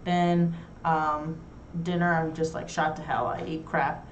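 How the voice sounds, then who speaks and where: A young woman from New York hosts a casual chat show, talking with blunt, crude, self-mocking humor. Her voice sits a little low and comes from some way off the mic. The room gives it a roomy echo, with a faint hiss underneath. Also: level tone, measured pace, dull audio. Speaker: talk show host. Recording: roomy echo, heard from far off.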